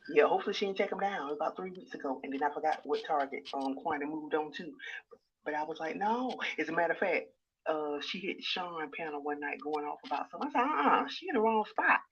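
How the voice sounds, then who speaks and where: A woman chatting casually about online drama, talking in a hushed, half-whispered voice because she is at work. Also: sits low, fast, husky. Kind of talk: casual gossip chat. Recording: dull lo-fi sound with faint noise.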